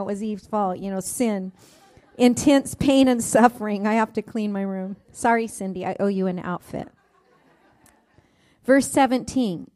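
A middle-aged woman preaching a sermon, reading scripture and telling a family story, stressing each verse number. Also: mid-range voice. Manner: warm storytelling with Bible reading, rising emphasis on verse numbers.

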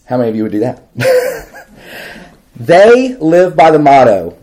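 A preacher delivers a sermon to a live audience, telling stories with lively energy, laughing, and posing questions to the room. His voice is medium in pitch and his pace unhurried.

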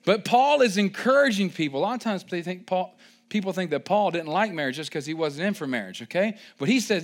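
A young man preaches a sermon in a slightly high voice, leaning on each point with emphasis. He breaks into joking asides and quick mock voices, then climbs to loud, excited stretches before settling back down. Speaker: pastor.

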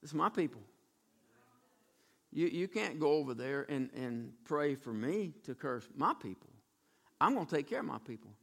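A deep, hushed voice of God, stern and protective, spoken slowly and gravely by a preacher acting him out in a sermon. The tone sits far below the speaker's usual high register, quiet and weighty. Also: male voice, sing-song, full character voice. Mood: solemn.

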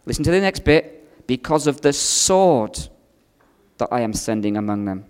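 A man preaching a sermon, telling a personal story with strong swings between loud and hushed delivery. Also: mid-range voice, expressive, moderate pace, clean tone, big-room sound. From outside America.

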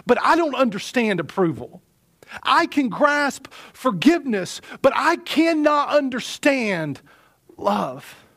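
Male pastor, sermon delivery, higher voice, unhurried, repeats lines for emphasis, dips to near whispers. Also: fairly bright tone. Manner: earnest preaching, repeats phrases for emphasis, drops to near whispers.

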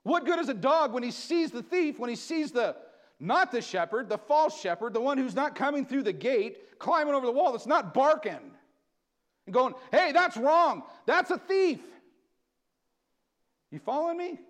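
A man preaching a sermon in a church, reading scripture slowly and building to loud, emphatic bursts. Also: very high-pitched, sing-song. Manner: slows to read scripture aloud. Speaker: pastor. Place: church sanctuary.

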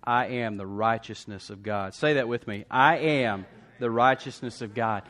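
A man's voice: mid-range voice, moderate pace, fairly bright tone. A man preaching a sermon, emphatically repeating declarations and calling for responses from the congregation. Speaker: pastor.

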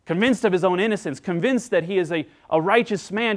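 A pastor preaching a sermon to his congregation in an earnest manner, voicing the figures he quotes with rising pitch and loudness. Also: big pitch swings, fast, hardly any pauses.

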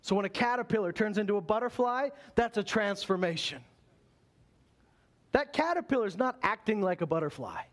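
Male pastor, high voice, conversational preaching that turns slow and deliberate on scripture. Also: lively intonation. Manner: earnest preaching, slows down on scripture quotes, conversational asides. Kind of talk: sermon.

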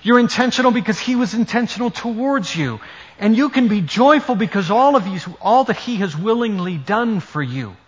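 A man preaching a sermon as pastor, emphatic, swinging between loud stressed words and quiet asides. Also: high voice, expressive, normal speed, breathy edge, muffled recording.

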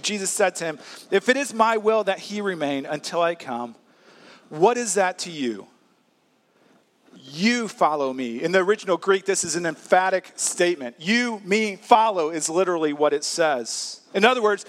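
A man's voice: sits high, fairly bright tone, long reverb tail. A male pastor preaching a sermon earnestly, acting out quoted lines.

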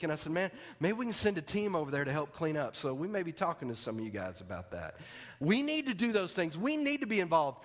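A man preaching a sermon, telling a story in an animated way and acting out its scenes. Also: high voice. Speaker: pastor. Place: church sanctuary. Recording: long hall reverb.

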